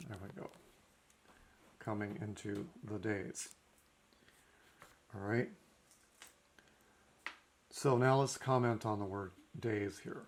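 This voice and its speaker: Guy w a lowish voice teaching a language lesson, steady, lots of okays. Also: slow, pauses often, slight background noise. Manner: methodical, frequent "okay" between points.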